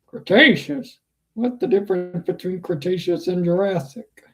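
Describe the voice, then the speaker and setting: A middle-aged father blusters and shrugs off his son's corrections in a gruff, dismissive voice, as a reader puts him on. He sounds unbothered and a bit loud. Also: medium pitch, normal speed, soft background music, natural voice.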